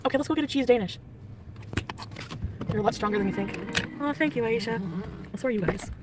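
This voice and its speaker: A woman's voice: on the high side, fairly quick, recorded from a distance, noisy background. A woman livestreaming in a chatty, rambling way, giggling and answering her chat. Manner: rambling, giggly, jumps between topics. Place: on the go, partly in a store.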